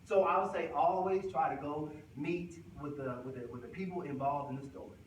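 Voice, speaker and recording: A man who works as an assistant principal gives an informal, animated talk to a group of parents and acts out the voices of the people in his stories. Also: fairly high pitch, brisk. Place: room with an audience. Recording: echoey room recorded from a distance, noisy.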